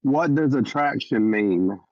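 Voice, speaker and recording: A man's voice: medium pitch, lively intonation, slow pace, a little mellow, dry recording. A man calling in to a live stream, asking challenging questions. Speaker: caller. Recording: dull lo-fi call line.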